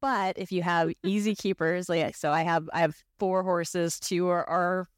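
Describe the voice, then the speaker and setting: A woman's voice: lowish voice, fairly even intonation, unhurried, no room sound, clean studio sound. A woman co-hosting a casual podcast, talking about her own horses in a chatty way, laughing often and restarting her sentences. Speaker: podcast co-host, horse owner.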